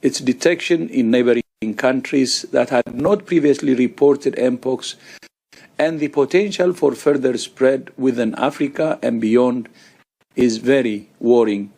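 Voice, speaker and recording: A man speaking as a public health official, delivering a measured, formal prepared statement. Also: mid-range voice, creaky, mellow.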